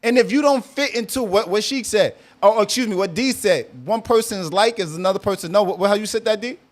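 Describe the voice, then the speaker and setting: A man's voice: sits high, quick pace. A man hosting a live audio chat room, talking casually and animatedly, often repeating himself and teasing guests.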